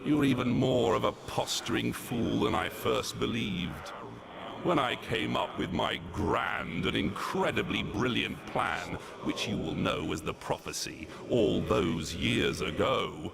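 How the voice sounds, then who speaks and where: A man's voice: mid-range voice, a little slow, a crowd in the background. An actor playing Legion, a grandiose ancient male villain who mocks and gloats, voiced in a video game cutscene. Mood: gloating. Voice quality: gravelly, theatrical and mocking. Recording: game audio with loud background noise.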